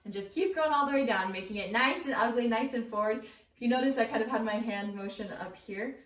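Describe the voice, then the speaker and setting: A woman voice teacher explaining warm-ups in a relaxed, chatty way, with frequent ums and likes. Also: a little high, brisk. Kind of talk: casual spoken singing lesson. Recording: roomy echo from a distant mic.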